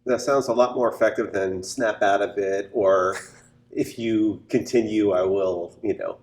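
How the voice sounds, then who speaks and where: A man hosts a podcast interview and asks his guest questions in a measured, thoughtful way. He leaves room for her answers and responds with short reactions. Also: lowish voice, fairly even intonation, a little mellow. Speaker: podcast host.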